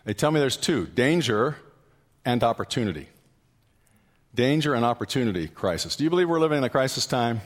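A male pastor preaching a sermon, telling stories and asking the congregation questions, with loud animated peaks. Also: medium pitch, brisk. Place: church hall. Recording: long hall reverb.

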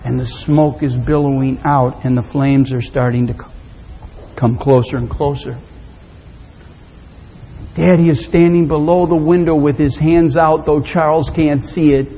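A man preaching a sermon, telling a story dramatically and swinging from loud to hushed. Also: on the high side, steady tone, a little slow, a little hiss or hum. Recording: long hall reverb.

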